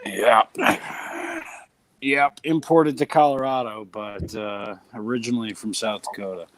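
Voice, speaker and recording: A man's voice: fairly low pitch, fairly even intonation, a little slow. A man chatting casually on a live stream, speaking in a blunt, plain way.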